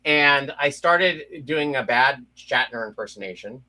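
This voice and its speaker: A man puppeteer in a casual video chat, explaining his craft and slipping into quick voice impressions. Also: medium pitch, expressive, sharp tone, rough recording. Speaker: puppeteer guest.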